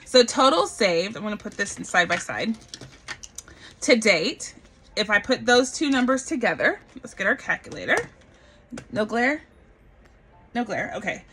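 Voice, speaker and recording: A woman in her thirties from Barbados, chatting casually to camera about her budget, lively and addressing viewers as y'all. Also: medium pitch, normal speed, pauses often, slight background noise. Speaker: budgeting vlogger.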